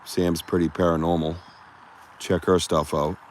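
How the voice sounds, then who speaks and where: A man with a very low, deep voice hosts a loose, joking live stream outdoors in the woods. He talks into a phone, and faint outdoor noise hums behind him. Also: level tone, unhurried. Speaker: podcast host.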